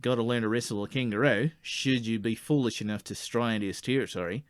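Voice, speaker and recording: Comedy sketch: man as blunt Aussie bush guide, slangy, stammers when riled, mid pitch, dry mic. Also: fast talker, clear, resonant tone, no room sound, natural voice. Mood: matter-of-fact. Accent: Australian. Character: brash male Australian outback guide, touchy. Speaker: tour guide.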